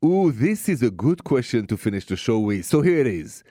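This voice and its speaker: A man with a thick French accent hosts a late-night call-in radio show about love. His mid-pitched voice is playful and romantic, and it sits close and dry on a studio mic with no room sound. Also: sing-song, moderate pace, mellow, no room sound. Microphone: studio microphone.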